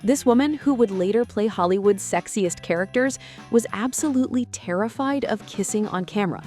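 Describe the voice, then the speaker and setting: A woman narrating a scripted documentary at a mid pitch. She builds suspense with dramatic teasers, pressing on each reveal. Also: fairly quick, warm tone, faint music behind.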